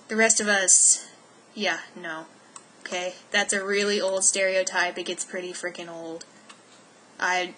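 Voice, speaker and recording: A teenage girl from Texas chats casually in a home vlog, her voice bright and clear. She rambles, restarts and fills gaps with ums. A faint noise floor sits under the recording. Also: medium pitch, poor audio. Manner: rambling, self-interrupting, with many fillers. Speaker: vlogger.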